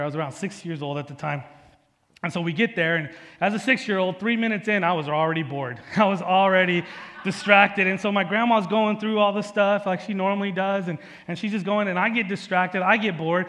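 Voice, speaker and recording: A man preaching a Sunday sermon in a fairly high voice, talking to his congregation like friends and weaving in personal stories. His voice rings out with a long reverb, as in a large church sanctuary. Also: fairly bright tone. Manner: conversational preaching with personal stories and frequent "right?". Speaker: pastor.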